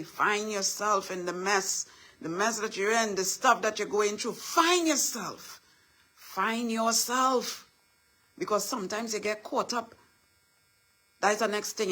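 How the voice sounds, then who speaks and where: Middle-aged woman, husky, bright tone, motivational speaker who preaches in repeated affirmations. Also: medium pitch. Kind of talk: motivational livestream talk.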